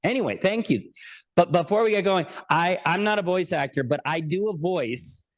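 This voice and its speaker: A man's voice: high-pitched, animated, moderate pace. A man talking as a podcast guest in casual interview chat, joking, self-deprecating and rambling.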